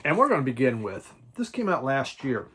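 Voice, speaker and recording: Rambling, halting male vinyl collector. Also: mid-range voice, big pitch swings, a bit bright, slightly rough. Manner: halting, many restarts and repeated words; chatty, chuckles often, talks to his cat. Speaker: vinyl record collecting vlogger. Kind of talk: casual rambling chat. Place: at home with his cat and records.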